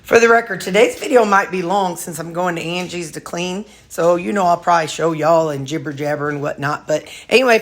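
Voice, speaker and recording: A woman's voice: on the low side, no room sound. A middle-aged woman chatting casually in a rambling, folksy vlog. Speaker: vlogger.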